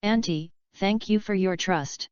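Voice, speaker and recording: A woman voicing a calm, polite young man who is a capable detective, read in a plain, even manner. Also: mid-range voice, measured pace, clear, resonant tone, no room sound, muffled recording, natural voice.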